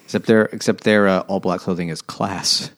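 Low-pitched man, blunt and dry, cursing in a casual book chat. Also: fairly even intonation, normal speed.

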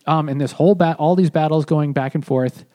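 A man's voice: fairly high pitch, fairly quick, mellow. A man co-hosting a beer-and-books podcast, recapping history in a rambling way with lots of restarts. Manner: rambling, full of 'like' and restarts. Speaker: podcast co-host. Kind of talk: casual book-club chat over beers.

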